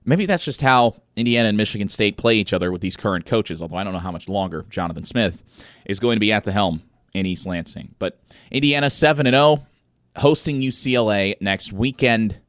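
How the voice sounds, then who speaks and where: A young man hosting a college sports radio show, giving energetic, opinionated commentary with emphatic stresses. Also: lowish voice, brisk, no room sound, clean studio sound.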